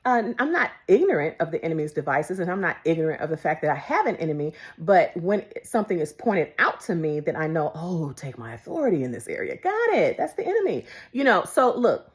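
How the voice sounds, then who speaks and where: A woman preaching a devotional sermon, emphatic and repetitive, moving between loud declarations and hushed whispers. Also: on the low side, very animated, a little fast, hardly any pauses. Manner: repeats phrases for emphasis.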